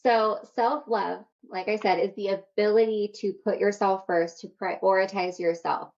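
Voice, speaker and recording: Energetic, casual woman self-love coach. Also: medium pitch, moderate pace, highs cut off. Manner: energetic, casual, swears freely. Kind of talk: workshop talk to an online audience.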